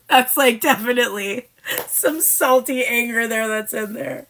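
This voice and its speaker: A woman's voice: fairly high pitch, slow, pauses often, fairly bright tone. A woman giving a live tarot reading in a casual, blunt way, speaking the messages of the card figures in the first person. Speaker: tarot reader.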